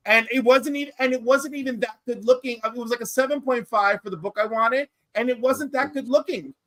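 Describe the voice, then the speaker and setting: Man, bright clear voice, dry close sound, animated storyteller, casual chat. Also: very high-pitched, fairly quick, no echo.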